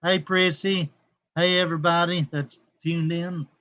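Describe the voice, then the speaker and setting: A man's voice: fairly high pitch, little pitch movement, measured pace, pushed and bright, muffled recording. A man hosting a casual livestream, rambling and combative with coarse language, calling out chat viewers by name. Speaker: livestream host.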